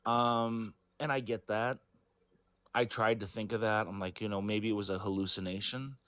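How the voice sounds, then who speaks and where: A man with a fairly low voice recounts a personal story in a casual interview. He rambles and halts, stacking fillers and correcting himself as he goes, and the recording is close and dry. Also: steady tone, fairly bright tone, smooth, no echo. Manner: rambling, halting, full of fillers and self-corrections.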